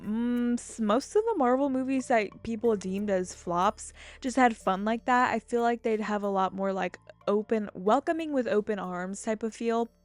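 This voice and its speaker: A young woman in her twenties commentating casually over her gameplay, rambling from topic to topic, getting excited and swearing freely. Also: a little high, normal speed, hardly any pauses, no echo. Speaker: gaming YouTuber. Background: faint game music.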